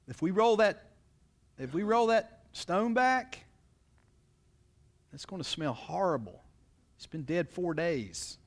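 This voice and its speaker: A man's voice: on the high side, fairly bright tone. A man preaching, reading scripture aloud and explaining it, often turning to the listeners with questions. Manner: expository, reads scripture then explains it; asks the congregation rhetorical questions. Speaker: pastor. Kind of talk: sermon.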